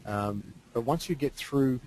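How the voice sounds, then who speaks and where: A man taking part in a webinar discussion, explaining in a measured way. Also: medium pitch, darkish tone, slight background noise, low-quality recording. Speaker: webinar participant.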